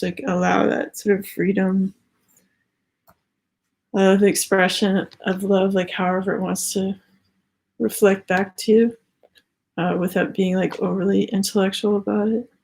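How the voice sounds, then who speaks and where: A woman's voice: medium pitch, fairly even intonation, measured pace, vocal fry, darkish tone. A young adult woman giving a casual spiritual tarot reading, rambling with many "like" fillers and slightly out of breath. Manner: rambling, heavy use of "like" fillers. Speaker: tarot card reader.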